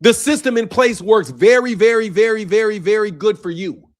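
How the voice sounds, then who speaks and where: A man's voice: high voice, moderate pace. A young man hosting a boxing livestream, arguing heatedly with viewers in chat and tacking "bro" onto his lines. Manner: combative, ranting at chat, repeats "bro". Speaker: boxing channel host.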